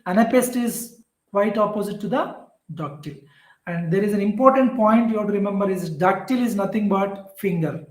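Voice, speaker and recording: A man explains exam material step by step, repeating key points and filling pauses with "uh". His lecture sounds echoey, as if recorded in a bare room. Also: high voice. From southern India. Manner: repetitive, patient explaining with frequent "uh" fillers. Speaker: English literature teacher.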